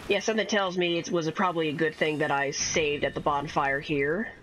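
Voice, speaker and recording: Bright, rambling woman gaming streamer. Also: deep voice, fairly even intonation, fairly quick, slight background noise, rough recording. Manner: rambling, swears often, swings from chatty to exasperated outbursts. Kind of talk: casual gameplay commentary.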